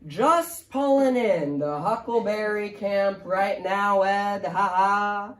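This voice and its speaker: Dry, wry storyteller, unhurried. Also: male voice, sits high, a bit bright. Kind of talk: performed humorous short story reading. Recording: roomy, distant mic.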